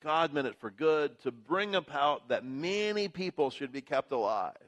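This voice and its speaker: A pastor preaching a sermon in church, building emphasis through rhythmic repetition. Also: male voice, a little high, lively intonation, moderate pace, a bit bright.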